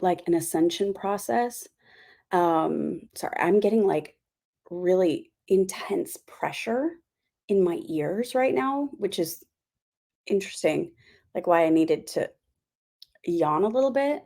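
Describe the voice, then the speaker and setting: A woman's voice: lowish voice, lively intonation, slow pace, creaky, warm tone. A woman giving a casual spiritual talk as host of her channel, rambling with many fillers and apologies.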